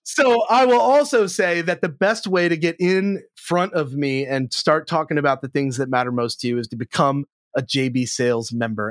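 Energetic, blunt man with a dry, close sound. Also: no room sound. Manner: energetic and blunt, swears freely, jumps high in pitch for emphasis. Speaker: sales trainer, podcast guest. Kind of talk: casual interview chat.

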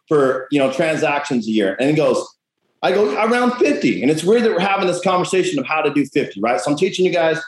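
A man coaching real estate agents in a blunt, profane, punchy motivational talk. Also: a little high. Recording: echoey room.

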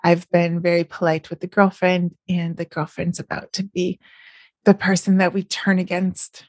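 Chatty woman, low and dry. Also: monotone, moderate pace, darkish tone, no room sound. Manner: chatty and upbeat, often smiling and laughing. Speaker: podcast host and novelist. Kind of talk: casual solo podcast chat.

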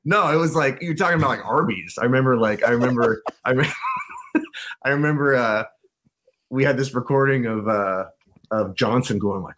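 A man's voice: medium pitch, moderate pace, a bit bright, a little hiss or hum. A man guesting on a podcast, telling rambling anecdotes and laughing often in casual chat. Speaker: guest, band frontman.

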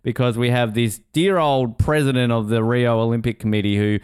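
A man co-hosting a podcast in casual chat, animated and swearing, laughing and mimicking people as he talks. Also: medium pitch, fairly quick, smooth, no echo, clean studio sound. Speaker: podcast co-host.

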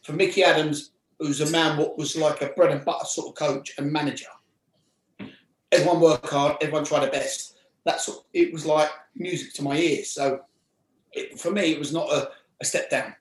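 A man's voice: on the high side, moderate pace, echoey room, poor audio. A man in his forties with a London accent, a former footballer telling stories as an interview guest and acting out the people he quotes. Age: 40s. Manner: animated, acts out quoted voices. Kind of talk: casual storytelling.

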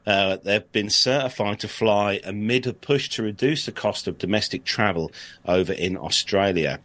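A man's voice: lowish voice, a bit bright. Chatty man hosting a podcast. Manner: friendly, chatty, reads news aloud with filler "uh"s. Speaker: podcast host. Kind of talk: casual chat and news reading.

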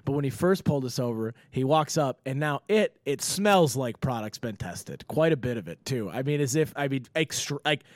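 A male comedian telling a story in a casual, animated way and laughing often as he goes. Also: mid-range voice, moderate pace, hardly any pauses, no echo, clean studio sound. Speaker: comedian and podcast host.

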